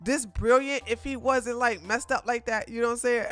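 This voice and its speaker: A woman streamer giving casual livestream commentary while reviewing a show, animated and laughing often, with frequent restarts. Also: fairly high pitch, normal speed, faint music behind.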